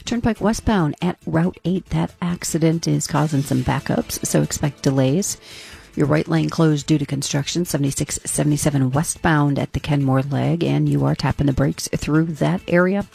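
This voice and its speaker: A radio traffic reporter reading a brisk, matter-of-fact traffic update. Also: medium pitch, gravelly, a little mellow, husky.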